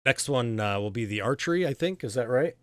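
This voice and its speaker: A man narrating a tabletop game as game master in a casual, halting way with many fillers. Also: mid-range voice, expressive, a bit bright, dry recording, clean studio sound.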